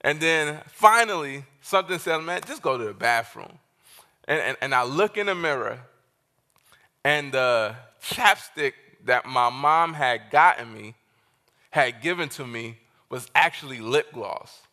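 A man's voice: mid-range voice, measured pace, sharp tone. A man preaching as a guest pastor, telling a story with animation and acting out the dialogue. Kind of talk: sermon.

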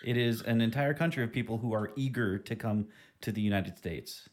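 A man's voice: fairly low pitch, brisk. A man hosting a podcast who trades dry, sarcastic jokes in casual banter. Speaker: podcast host.

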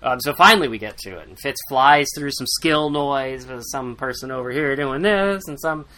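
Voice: mid-range voice, moderate pace, bright, forceful tone. A podcast host recapping a book in casual chat, rambling, sarcastic and swearing freely.

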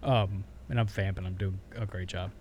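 A man's voice: deep voice, steady tone, normal speed, darkish tone. A young man runs down a movie list in casual podcast talk. He tells stories with gusto and acts out the scenes with profanity. A faint background noise sits under his voice. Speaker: podcast co-host.

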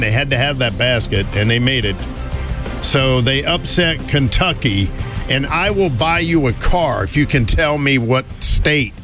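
A man hosting a morning show, chatting casually and rambling with fillers and chuckles. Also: medium pitch. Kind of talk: casual radio chat.

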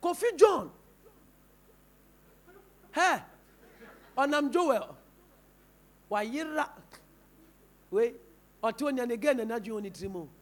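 A man's voice: very high-pitched, animated, slow pace, long pauses. A man with a Ghanaian English accent preaching a sermon in church, firing rhetorical questions at the congregation. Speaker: pastor.

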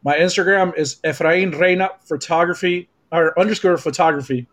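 A man's voice: a little high, moderate pace. A man, a photographer, telling funny stories on a podcast in casual, profane talk mixed with Spanish. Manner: animated storyteller, profane, mixes Spanish.

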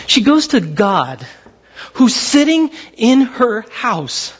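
A man preaching a sermon in a lively, conversational way, acting out the voices of the people in his story. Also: very high voice, slow, breathy edge, highs cut off. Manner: animated, acts out voices of characters. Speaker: pastor.

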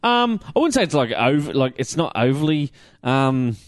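A man's voice: mid-range voice, very animated, normal speed, dry recording, clean studio sound. A man with an Australian accent talking through a comic review in casual chat, blunt and rambling, swearing freely and filling gaps with ums. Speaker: comic book podcast host.

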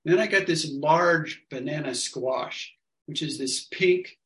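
A man casually telling a story to an online study group, acting out what people said in lively quotes. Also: fairly high pitch, takes it slowly. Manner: animated, acts out other people's lines. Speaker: workshop leader telling a story. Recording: echoey room sound.

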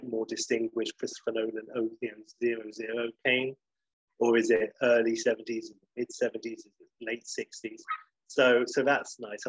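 Rambling man, husky voice. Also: mid-range voice, dry recording, poor audio. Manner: rambling, self-correcting, enthusiastic. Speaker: podcast co-host. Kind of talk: casual chat.

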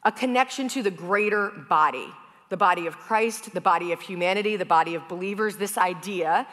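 A woman's voice: fairly low pitch, brisk, fairly bright tone. Chatty woman preacher in a reverberant hall. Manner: chatty storytelling with casual fillers. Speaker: pastor. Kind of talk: conversational sermon.

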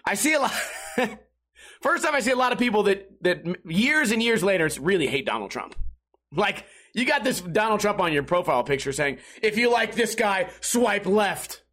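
A man's voice: high voice, big pitch swings, a little fast, sharp tone. A young man hosting a casual solo podcast, rambling and swearing, laughing at his own bad luck. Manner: rambling, profane, self-mocking, laughs often. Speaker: podcast host.

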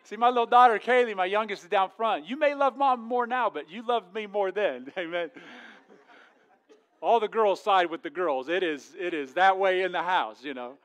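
Middle-aged male pastor with a high, light voice, preaching a lively, joking sermon in church. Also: normal speed. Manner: jokey, animated, swings from loud to hushed. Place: church sanctuary.

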